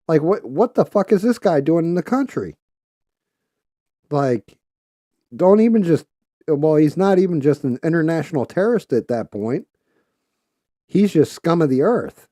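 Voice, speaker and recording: A man's voice: a little high, expressive, normal speed, pauses often, dark tone, dry recording, clean studio sound. Heated, profane man ranting. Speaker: podcast host. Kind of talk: casual podcast rant.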